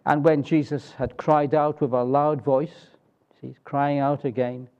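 A man preaching a sermon in a deliberate, emphatic way, often closing points with rhetorical tag questions. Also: a little high, level tone, warm tone, lo-fi sound.

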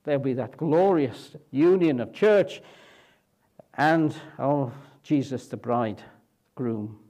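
A man's voice: mid-range voice, slow, dark tone. A man pastor preaching a sermon in a conversational way, often asking the congregation rhetorical questions.

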